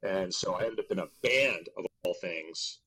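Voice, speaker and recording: A middle-aged man from Berkeley, an actor and guest, telling stories in a casual interview, rambling with fillers and leaping in pitch when he acts out voices. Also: moderate pace, husky, rough recording. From Berkeley, California. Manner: animated, acts out quoted voices with big pitch jumps; rambling with many fillers and restarts.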